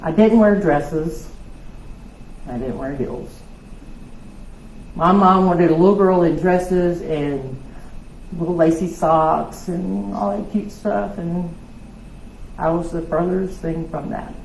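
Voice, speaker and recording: A woman, giving a loud, lively personal testimony at a women's conference. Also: lowish voice, slow pace, creaky, pauses often. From South Louisiana. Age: 60s. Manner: loud, lively storytelling with laughs and acted-out voices. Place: church hall. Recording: echoey hall with faint noise.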